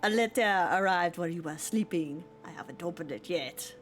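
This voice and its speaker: A woman voicing a brisk male sparrow who assists a detective in a bird-lawyer video game, reading her lines slowly and deliberately. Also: on the low side, soft background music, voice pushed down, natural voice. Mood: brisk, teasing.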